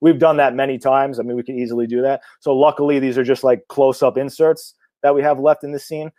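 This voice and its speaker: A man talking about his film work in a loose, casual interview. His voice sits at an ordinary pitch, and he swears a lot and restarts his sentences. The sound is close and dry. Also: quick pace, no room sound. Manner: blunt, swears freely, energetic, rambling with restarts. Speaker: indie horror filmmaker.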